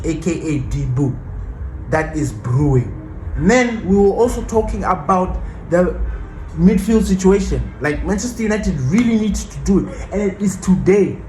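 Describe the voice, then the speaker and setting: Excitable high-voiced male football fan. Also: roomy sound, a little hiss or hum, rough recording. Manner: passionate, defiant ranting fan. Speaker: football channel host. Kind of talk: casual fan vlog commentary.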